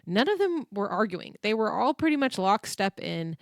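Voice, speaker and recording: A woman's voice: medium pitch, sing-song, moderate pace, no room sound, studio quality. A woman hosting a podcast, chatting casually as she recaps a TV episode, full of "like" and acted-out quotes. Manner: chatty, filler-heavy, acts out quotes. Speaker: podcast host.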